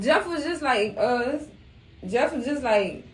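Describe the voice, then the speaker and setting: A woman's voice: high-pitched, animated, normal speed, far from the mic. A young woman, chatting casually about a show, acting out quotes and laughing often. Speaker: recap channel host. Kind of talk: casual TV recap chat. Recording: echoey room.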